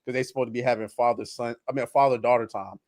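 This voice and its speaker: A man telling a story in casual podcast chat, animated and laughing as he acts out the characters. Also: mid-range voice, quick pace, no room sound, clean studio sound. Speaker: podcast co-host.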